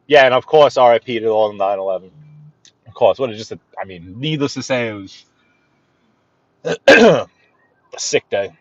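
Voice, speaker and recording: A man with a New York accent chatting to viewers while driving, greeting them by name and often clearing his throat. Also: mid-range voice, expressive, moderate pace, long pauses, no room sound, muffled recording. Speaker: livestream host driving. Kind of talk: casual live-stream chat while driving. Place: inside a car on city streets.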